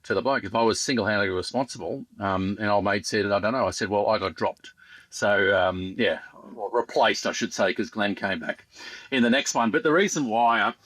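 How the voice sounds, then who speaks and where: An Australian man in his fifties, a former fast bowler guesting on a podcast, telling rambling stories with dry humour and lots of ums. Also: on the low side, fairly bright tone, no room sound. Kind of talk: casual podcast chat.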